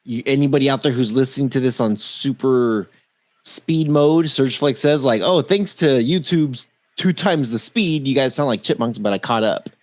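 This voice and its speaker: A man co-hosting a casual tech podcast, reading quickly through a long list and tripping over names. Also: medium pitch. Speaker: podcast co-host.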